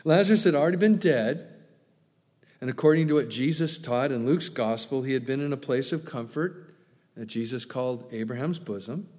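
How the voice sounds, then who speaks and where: A pastor preaching a sermon in a conversational way, with joking asides and acted quotes. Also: male voice, mid-range voice, normal speed, a little mellow, big-room sound.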